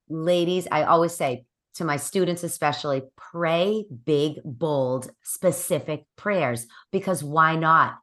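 Low, bright-voiced woman podcast host. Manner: earnest and exhorting, speaks like a coach. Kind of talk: encouraging faith-based talk.

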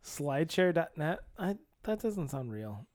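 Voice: mid-range voice, big pitch swings, measured pace, a little mellow, no echo, studio quality. This co-host has a mid-range voice that jumps around a lot. They tell stories animatedly in a casual podcast chat, swearing freely and laughing along.

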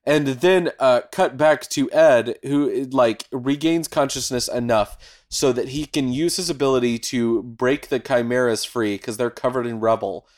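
A man in casual podcast chat, retelling a show's plot with lively acted-out character lines and casual swearing. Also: medium pitch, a little slow. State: has the hiccups. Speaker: podcast co-host recapping anime episodes.

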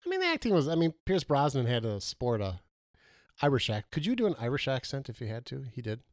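A man's voice: medium pitch, wildly swooping pitch, fast, no echo, clean studio sound. Rambling man reviewing movies. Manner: rambling, loses words mid-sentence. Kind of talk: casual chat.

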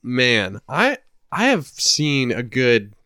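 Podcast guy, smooth clear voice, dry close sound, kinda hesitant as he rates shows. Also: mid-range voice, wildly swooping pitch, slow pace, sharp tone, dry recording. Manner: hesitant, restarts while ranking shows. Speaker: podcast co-host. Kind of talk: casual chat.

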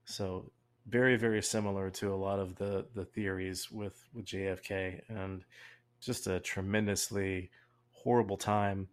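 A man co-hosting a podcast, talking casually and haltingly, often restarting his words. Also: low-pitched, level tone. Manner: halting and repetitive, restarts words, laughs at his own jokes. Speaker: podcast co-host.

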